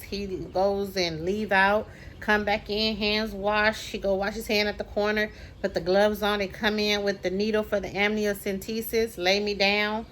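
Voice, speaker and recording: A woman's voice: mid-range voice, flat delivery, unhurried, fairly bright tone, slight background noise. Emphatic woman telling a personal story. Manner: emphatic, repeats phrases for effect. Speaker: vlogger.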